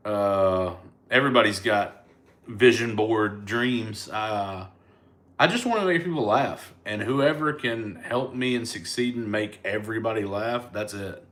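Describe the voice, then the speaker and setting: A man's voice: fairly low pitch, measured pace, fairly bright tone. A man with a Southern US accent, a comedian casually chatting live with his fans and answering their comments in a laid-back, rambling way. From United States.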